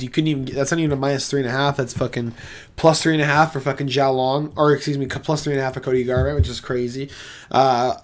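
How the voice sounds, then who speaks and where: Young man, higher-pitched voice, casual fight talk, swears a lot, loud outbursts, quiet asides. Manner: profane, excitable, swings from loud outbursts to muttering. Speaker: MMA reaction host. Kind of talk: casual fight breakdown monologue.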